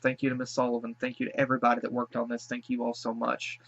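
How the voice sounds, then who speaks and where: A man records a casual reaction video, his voice sitting at an ordinary middle pitch. He sounds teary and earnest, piling on thanks and gushing praise. The recording is a little dull and muffled. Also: completely flat delivery, fast, a bit bright, no echo. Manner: emotional, gushing, repeats thanks, tearful after crying. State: teary after crying.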